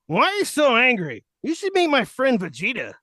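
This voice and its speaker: A man voicing a cheerful, naive adult male martial-arts hero, loud and friendly. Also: extremely high pitch, huge pitch swings, moderate pace, dry recording, clean studio sound, pitched above the performer's own voice, exaggerated voice. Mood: cheery.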